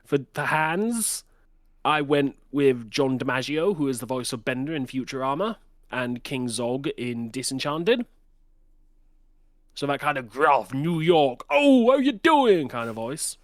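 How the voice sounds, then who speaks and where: A man's voice: mid-range voice, measured pace, dry recording, studio quality. A man in a book club chatting casually and animatedly, now and then putting on voices to make a point. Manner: animated, breaks into voices for examples. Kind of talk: casual chat.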